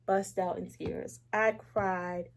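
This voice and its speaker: A woman's voice: fairly low pitch, little pitch movement, takes it slowly. A woman speaking as an interview guest, giving a candid faith testimony, acting out what others said and laughing lightly between serious words. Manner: candid and emotional, acts out quoted speech. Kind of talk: personal faith testimony in conversation.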